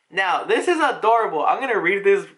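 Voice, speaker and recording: A man casually recapping a comic chapter in an excitable, slangy way. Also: sits high, brisk. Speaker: manga reviewer.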